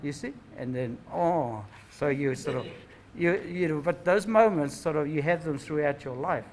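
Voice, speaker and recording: At a Māori knowledge gathering, an older man with a New Zealand accent tells family stories in a rambling, reflective way, often ending thoughts with "eh?". His voice is on the high side and his speed normal, on a low-quality recording with slight background noise.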